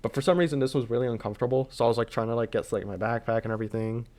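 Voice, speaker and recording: A man's voice: medium pitch, fairly even intonation, racing, darkish tone. A young man casually telling a storytime anecdote, rambling and leaning on filler words.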